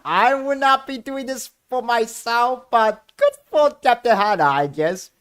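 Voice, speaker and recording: A man co-hosting a casual live-stream chat show, excitable and rambling with lots of fillers. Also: very high voice, measured pace, clear, resonant tone. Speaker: co-host of a talk and news stream.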